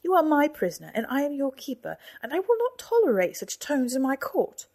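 A woman voicing a domineering, arrogant male fort leader who blusters and shouts scornfully, in a storybook reading. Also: mid-range voice, lively intonation, normal speed, husky. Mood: furious.

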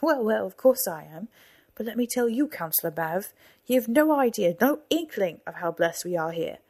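A woman voicing a domineering, arrogant male fort leader who blusters and shouts scornfully, in a storybook reading. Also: mid-range voice, lively intonation, normal speed, husky. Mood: boastful.

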